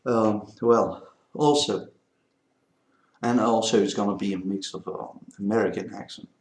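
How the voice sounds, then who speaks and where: A man's voice: lowish voice, fairly even intonation, unhurried, a little mellow, reverberant. A man from Belgium, a native French speaker with a Belgian French accent, rambling through a casual vlog chat. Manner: rambling, meandering talk. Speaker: vlogger.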